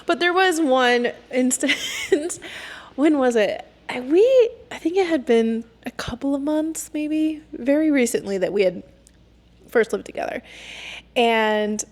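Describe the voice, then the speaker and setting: A young woman hosting her own podcast, ranting candidly and casually with lots of "like" and quick laughs. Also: high-pitched, animated. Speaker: podcast host. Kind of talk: casual solo podcast rant.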